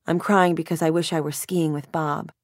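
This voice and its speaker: A woman's voice: low voice, steady tone, normal speed, no room sound, clean studio sound. A woman in her thirties narrating a first-person novel in a wry, self-mocking, emotional way. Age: 30s. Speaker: audiobook narrator.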